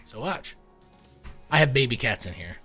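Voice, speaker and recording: A man giving casual screen-share commentary on crypto charts, animated and wry, with mock-panicked asides and casual swearing. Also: medium pitch, moderate pace, faint music behind.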